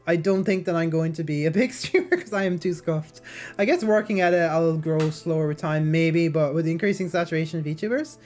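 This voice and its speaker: A woman's voice: deep voice, brisk, a little mellow, soft background music. A woman streaming, chatting and reading aloud with a slightly nasal voice and a sore throat, rambling through fillers and restarts. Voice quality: somewhat nasal. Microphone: basic mic, no headset.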